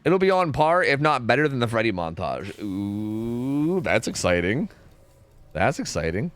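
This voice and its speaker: A man's voice: medium pitch, very animated, normal speed, fairly bright tone, no room sound, soft background music. A young man streaming a game, chatting casually and rambling through answers to chat, often stumbling and repeating words.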